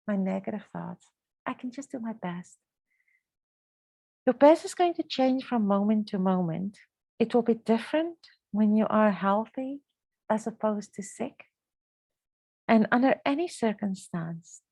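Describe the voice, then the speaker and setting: Woman podcast host, slightly high voice with some vocal fry, earnest and reflective, dry close sound. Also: a little mellow, no echo. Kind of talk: casual conversational podcast talk.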